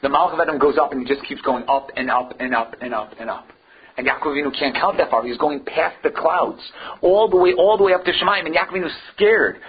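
A man's voice: on the high side, fast talker, breathy edge, narrow, tinny audio. A man teaching a Torah lecture emphatically, firing off rhetorical questions and using Hebrew and Yiddish terms.

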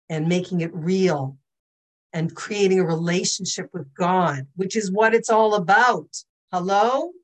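A middle-aged woman giving a Jewish religious lesson, telling stories in an animated, conversational way and checking in with her listeners. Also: lowish voice, low-quality recording. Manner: animated, conversational, asks the audience "okay?" and "hello?". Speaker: Torah teacher.

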